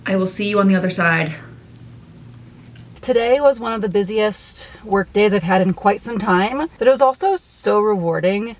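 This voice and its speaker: A woman's voice: mid-range voice, poor audio. Chatty woman vlogging her day. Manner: chatty, talks straight to viewers. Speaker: outpatient dietitian vlogger. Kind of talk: casual vlog chat.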